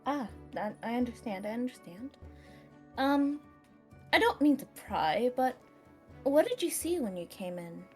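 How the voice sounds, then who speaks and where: A woman playing a tabletop game, narrating her character and speaking politely in a soft, halting way. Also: high-pitched, sing-song, soft background music.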